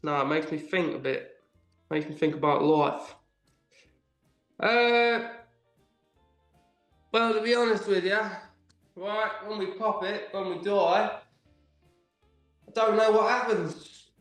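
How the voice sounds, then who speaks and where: A man putting on a Cockney accent, playing an easygoing Cockney lad who thinks out loud. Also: high voice, slow pace, long pauses, very echoey, faint music behind, voice pushed up. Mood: musing. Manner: relaxed, shrugging, thinks out loud. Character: cheerful Cockney lad musing on life.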